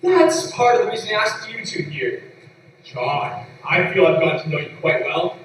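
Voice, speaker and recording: A man's voice: sits high, big pitch swings, normal speed, a bit bright. An actor playing a scheming frontier businessman, speaking in a grand, formal, theatrical way on a stage. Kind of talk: stage play acting. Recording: echoey hall from far off.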